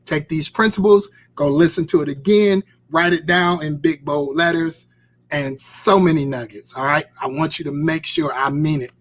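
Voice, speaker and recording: Male host-preacher, urgent and repetitive, voice sits a touch high. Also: normal speed. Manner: fervent, urging, repetitive exhortation. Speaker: host and pastor. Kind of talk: live-stream sermon talk.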